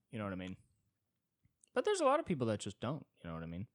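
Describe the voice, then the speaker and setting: Rambling self-mocking man, lively pitch. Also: fast, pauses often, dry recording, clean studio sound. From Southern California suburbs. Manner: rambling, self-deprecating, swears, acts out quoted people. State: yawning, tired. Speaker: podcast host. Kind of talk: solo podcast monologue.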